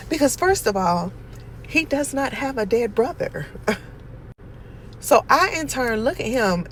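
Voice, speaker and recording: A woman telling a story about her niece and nephew in a casual vlog, animated and exasperated, with sudden loud outbursts. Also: on the high side, slow pace, slight background noise, low-quality recording. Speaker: aunt telling a family story.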